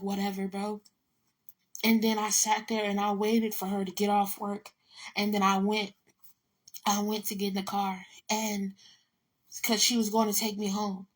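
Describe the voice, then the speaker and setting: A woman in telling a personal story to camera, blunt and emotional, swearing freely and repeating her words. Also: mid-range voice.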